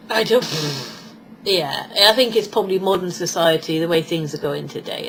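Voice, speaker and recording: A woman's voice: lowish voice, slight background noise, low-quality recording. A British woman in her forties talking casually in a rambling vlog monologue, often acting out other people's voices. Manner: chatty and rambling, acts out quoted voices. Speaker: vlogger.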